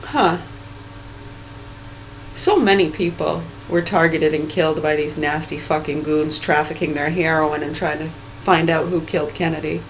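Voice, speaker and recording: A woman's voice: low voice, steady tone, moderate pace, a little hiss or hum, low-quality recording. A woman in her forties delivering a rambling, heated rant full of swearing. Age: 40s. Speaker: vlogger. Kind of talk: profane angry rant.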